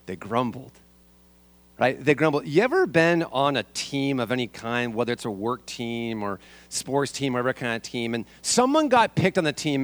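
A man preaching a sermon as a pastor, asking the congregation rhetorical questions and repeating his key lines. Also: mid-range voice.

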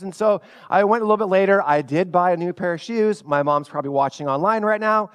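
A man's voice: sits high, quick pace, few pauses, smooth. A man preaching a sermon as pastor, telling stories in a loose conversational way and asking the congregation rhetorical questions.

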